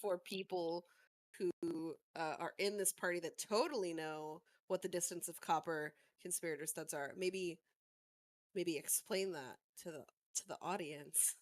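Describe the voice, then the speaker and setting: A woman playing a tabletop game, making quiet offhand asides. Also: on the low side, a little slow. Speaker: player. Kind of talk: casual tabletop game play.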